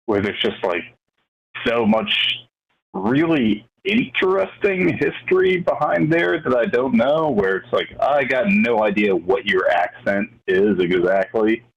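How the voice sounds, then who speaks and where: A very deep-voiced American man hosts a casual talk and speaks haltingly, filling his sentences with "like". The recording is dull and lo-fi. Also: a bit bright. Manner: halting, many fillers like "like". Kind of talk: casual conversation. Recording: dull lo-fi audio.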